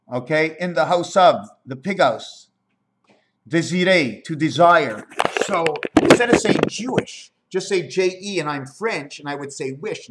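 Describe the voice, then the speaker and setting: A man with a voice pitched a little high rambles through a monologue. He riffs from one word to the next and spells out letters in an animated, sing-song way. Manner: free-associating wordplay, spelling out letters.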